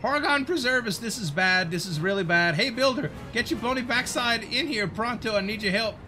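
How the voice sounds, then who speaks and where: A man's voice: very high voice, a little fast, sharp tone, slight background noise, pitched above the performer's own voice. A man playing a barking skeleton ship captain. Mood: urgent. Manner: barking orders, urgent. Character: commanding male skeleton ship captain, loud and urgent. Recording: game music behind.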